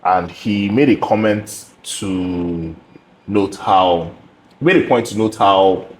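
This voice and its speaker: A young man with a very low voice, hosting his own podcast and thinking out loud. He speaks in a measured, reflective way, pausing on ums and starting sentences again. A faint hiss of background noise sits under the recording. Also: rough recording. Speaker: podcast host. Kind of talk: casual interview chat.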